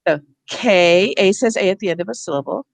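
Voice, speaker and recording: A woman's voice: medium pitch, animated, a little fast, gravelly, no room sound. A woman leads teachers through a reading workshop over a video call, explaining patiently step by step.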